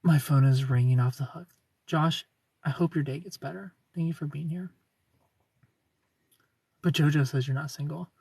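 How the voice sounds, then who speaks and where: Brief: casual streamer, British man doing an American accent, husky voice, distant mic. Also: a little high, steady tone, normal speed, pauses often, dark tone, dry recording. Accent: American, put on by a British speaker. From Britain. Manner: chatty, reads comments aloud, laughs often. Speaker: livestream host answering chat. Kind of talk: casual livestream chat.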